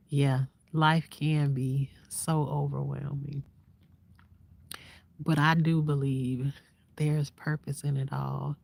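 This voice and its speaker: A woman vlogger talking casually and reflectively to her viewers, soft-spoken and half-whispering, sitting outdoors at night in the quiet countryside. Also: rumbling low, level tone, takes it slowly, creaky. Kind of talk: casual heartfelt talk to viewers.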